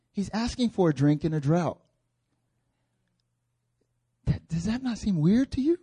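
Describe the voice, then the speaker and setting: A man's voice: a little high, expressive, a little slow, pauses often, husky. Man preaching with rising passion. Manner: conversational preaching, voicing biblical figures, builds to loud passionate peaks. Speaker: pastor. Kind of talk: sermon.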